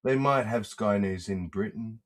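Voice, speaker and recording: A man's voice: on the low side, unhurried. Sarcastic, swearing man co-host. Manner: profane, sarcastic banter. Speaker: co-host reacting to video clips. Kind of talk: casual reaction chat.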